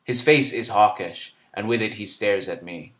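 Low-voiced man reading a literary story. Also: normal speed, fairly bright tone. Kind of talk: literary first-person narration.

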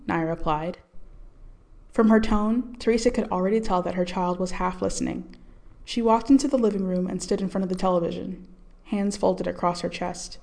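Woman narrating a story, slightly low voice, calm and measured. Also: vocal fry. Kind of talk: scripted audiobook narration.

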